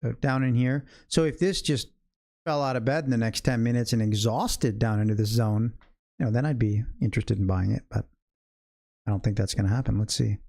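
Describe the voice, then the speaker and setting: A man's voice: medium pitch, steady tone, a little fast, vocal fry, dark tone. Chatty man thinking aloud over live trades. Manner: talks directly to chat viewers. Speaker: day trading educator and livestream host. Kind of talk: live trading commentary.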